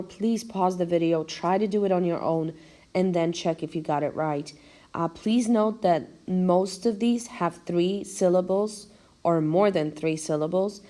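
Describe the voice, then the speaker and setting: In a recorded video lecture, a woman who teaches languages speaks in a warm, fairly low voice. She walks through the material slowly and carefully, counting out each syllable as she goes.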